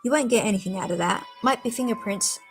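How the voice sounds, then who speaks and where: A woman reading aloud and voicing a blunt, brisk man who knows police work. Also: medium pitch, soft background music, lightly acted. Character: blunt, brisk male ex-detective.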